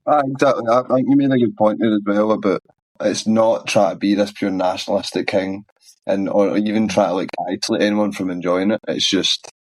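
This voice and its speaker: Low-voiced gruff Glaswegian man. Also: steady tone, a little fast, no echo. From Scotland. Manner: rambling, frank, swears casually. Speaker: band's singer. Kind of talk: casual interview answers.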